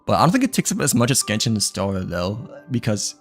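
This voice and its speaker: A man's voice: fairly low pitch, big pitch swings, fairly quick, soft background music. A young man chatting casually on a live stream, rambling with lots of fillers and self-corrections, a little stuffy and short of breath. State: runny nose, a little out of breath.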